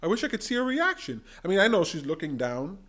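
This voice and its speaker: Excitable high-voiced man reacting to clips. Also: quick pace. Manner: animated and gushing, mimicking voices. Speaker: vlogger commentator. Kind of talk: excited commentary on debate clips.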